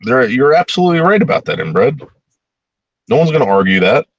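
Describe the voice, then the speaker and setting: A man's voice: mid-range voice, big pitch swings, fairly quick, dry recording, lo-fi sound. A man ranting bluntly in a heated, profane opinion monologue.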